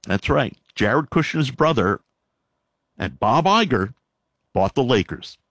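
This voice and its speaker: A man's voice: medium pitch, animated, slow pace, fairly bright tone, no echo. A man reading news items aloud and breaking off into sarcastic, exasperated commentary with frequent sighs.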